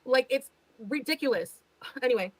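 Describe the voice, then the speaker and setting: A woman's voice: high-pitched, expressive, moderate pace, dry recording, low-quality recording. A woman ranting defensively on a livestream, exasperated and swearing as she talks. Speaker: livestreamer being reacted to. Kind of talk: heated livestream rant.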